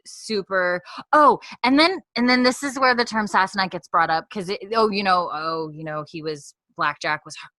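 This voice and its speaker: A woman's voice: mid-range voice, moderate pace, sharp tone, no echo. A woman co-hosting a podcast, recapping a show in a rambling, giggly way with lots of fillers. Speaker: podcast co-host recapping an episode. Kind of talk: casual chat. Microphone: desk podcast mic.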